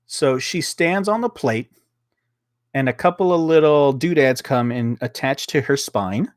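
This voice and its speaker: A man's voice: medium pitch, measured pace, no room sound, clean studio sound. A man hosting a casual podcast review of a TV episode, rambling along with lots of fillers, restarts and swearing.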